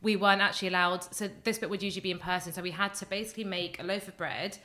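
A young woman talks at a rapid clip with a bright, forceful tone. She tells her story in an animated way, slipping into the voices of the people in it. It sounds like a relaxed podcast conversation. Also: medium pitch. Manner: animated, acts out quoted voices, talks in long excited runs. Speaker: guest, baking contestant. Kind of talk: storytelling in a casual podcast chat.

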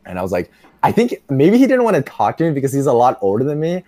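A young man telling a rambling story as a podcast guest, full of "like" and quick laughs. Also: mid-range voice, huge pitch swings, mellow, no room sound. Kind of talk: casual storytelling chat.

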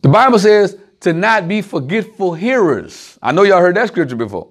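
A man preaching an informal, conversational sermon to a small group, animated and speaking straight to his listeners with everyday examples. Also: high voice, moderate pace.

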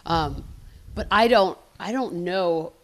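A woman in her forties, a sports broadcaster guesting on a podcast, chatting candidly and joking with quick asides. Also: on the low side, animated. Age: 40s. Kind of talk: casual podcast chat.

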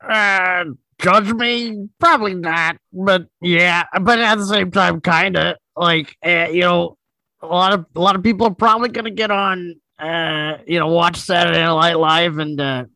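A man doing a comic impression of a laid-back young male comedian, raspy and halting, full of fillers. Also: high voice, steady tone, bright, forceful tone, dry recording, full character voice. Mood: deadpan. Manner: halting, full of "uh" and "you know".

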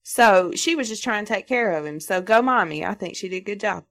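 Podcast co-host, woman in her thirties, casual and profane, medium-pitched, full of laughter and quoted voices. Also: animated, fairly quick, fairly bright tone. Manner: swears freely, laughs often, acts out quoted voices. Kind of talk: casual chat.

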